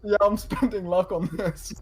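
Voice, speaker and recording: High-voiced hesitant male player. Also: fairly even intonation, a loud crowd. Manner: hesitant, asking questions, quick to laugh. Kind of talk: tabletop role-play chat. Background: faint background music.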